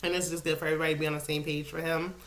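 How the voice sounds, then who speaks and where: A woman hosting a casual, opinionated reality TV recap, clearing her throat and coughing now and then. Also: low voice, flat delivery, rapid-fire, a bit bright. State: coughing, with a lozenge in her mouth. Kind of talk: casual chat. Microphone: solo recording setup.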